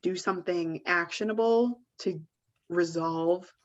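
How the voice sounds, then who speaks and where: A woman's voice: lowish voice, unhurried, dull audio. A woman co-hosting a podcast in a casual advice chat, rambling and full of fillers like "like" and "you know". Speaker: podcast co-host.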